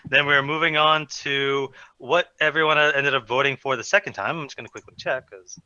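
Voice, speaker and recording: A man on a casual video-call chat, quickly and agreeably reading out the night's plans. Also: medium pitch, fairly even intonation, bright, forceful tone, smooth, muffled recording. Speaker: co-host.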